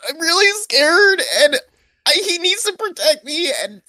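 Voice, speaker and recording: A scared eleven-year-old girl whimpers and begs in a high, squeaky voice. Her pitch leaps all over as she sobs, and the recording is dry and close for a tabletop game. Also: expressive, a little slow, sharp tone, no echo, exaggerated voice. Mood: tearful pleading. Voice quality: high, childish, tearful. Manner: whiny, sobbing pleas. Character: crying little girl, eleven, scared and pleading.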